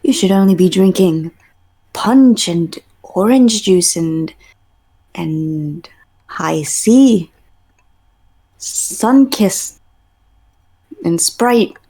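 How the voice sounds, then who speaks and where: A woman's voice: on the low side, expressive, very slow, pauses often, mellow, breathy edge. A woman on a game stream giving a playful, theatrical mock movie-trailer narration, dropping into whispers and laughing between phrases. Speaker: stream co-host.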